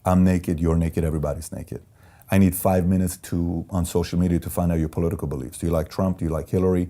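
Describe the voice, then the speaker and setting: A man who is an entrepreneur, being interviewed and telling candid stories in an animated, emphatic way that repeats key phrases. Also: deep voice, fast talker. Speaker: entrepreneur guest.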